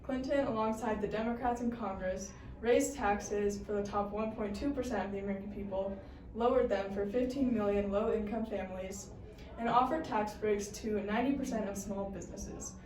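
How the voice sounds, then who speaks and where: A woman in the role of a reporter, reading a scripted news report in a steady voice. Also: mid-range voice, normal speed. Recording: echoey room, mic far off, faint hiss.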